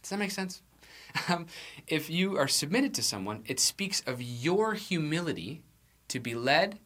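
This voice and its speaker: A man's voice: on the high side, big pitch swings, unhurried, a bit bright. A man preaching a sermon to his church in a conversational, self-deprecating way, with restarts and light laughs. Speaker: pastor.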